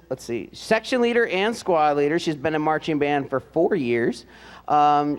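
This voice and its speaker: A man announcing at a ceremony and reading aloud, in a relaxed, joking way with frequent hesitant "uh" fillers. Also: on the high side, long reverb tail. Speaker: announcer introducing band seniors.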